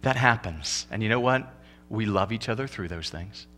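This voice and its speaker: Animated bright-voiced man preaching. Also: slight background noise. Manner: animated, shifts from loud emphatic to quiet and low; acts out couples' lines in quick comic voices. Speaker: pastor. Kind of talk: sermon. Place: church.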